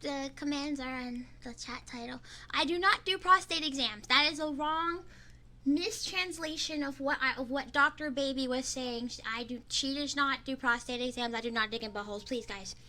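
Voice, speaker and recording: A young woman streamer chatting casually on a binaural microphone, excitable, laughing and swearing as she pleads with her chat. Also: sits high, moderate pace. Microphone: binaural ASMR microphone.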